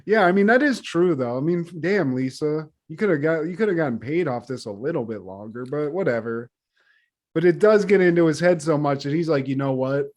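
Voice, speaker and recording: A man's voice: a little high, animated, fairly quick, a little mellow. A man co-hosting a podcast, recapping a cartoon episode in loose, profane casual chat and laughing often. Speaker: podcast co-host.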